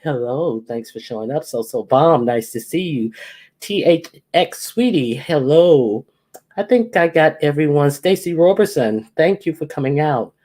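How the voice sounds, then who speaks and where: A woman's voice: low-pitched, lively intonation, unhurried, mellow. A woman hosting a casual livestream, reading out viewers' names one by one and teasing them playfully. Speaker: livestream host. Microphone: computer or phone mic with echo.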